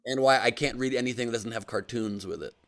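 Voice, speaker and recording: A man's voice: medium pitch, fast talker. A man hosting a casual comedy chat show, joking and telling stories. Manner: joking storyteller, acts out voices. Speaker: host.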